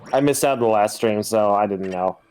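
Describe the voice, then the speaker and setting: A man's voice: on the low side, brisk, a little mellow, slight background noise. A man from the US Midwest chatting casually on a game stream, laughing often and restarting his sentences. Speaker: co-player on stream. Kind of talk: casual chat.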